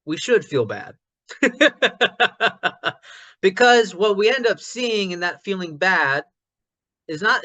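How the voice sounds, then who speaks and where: A man in a casual online discussion who thinks aloud with many restarts and gets loud when passionate about ideas. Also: on the high side. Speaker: discussion participant.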